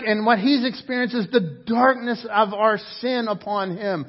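High-voiced man preaching with passion. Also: unhurried, hardly any pauses, slightly rough, muffled recording. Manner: passionate preaching, rising and falling in intensity, with repeated words. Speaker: pastor. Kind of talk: sermon.

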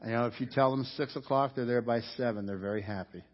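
A man's voice: mid-range voice, fast. A man preaching a sermon as pastor, earnest and conversational, repeating his key points for emphasis. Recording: dull lo-fi audio with long hall reverb.

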